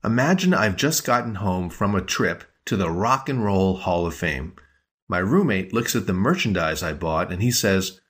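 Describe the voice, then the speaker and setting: A man hosting a podcast language lesson, explaining phrases patiently and slowing down to stress key words. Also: fairly low pitch, expressive, a bit bright. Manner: clear, patient explaining with slowed-down emphasis.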